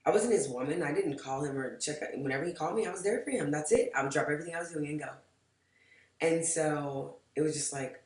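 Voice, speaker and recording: A woman's voice: low voice, expressive, fairly quick, a little mellow. A woman telling a storytime vlog in a frank, rambling way, swearing freely and saying "like" a lot. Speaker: vlogger. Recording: roomy echo, mic far off.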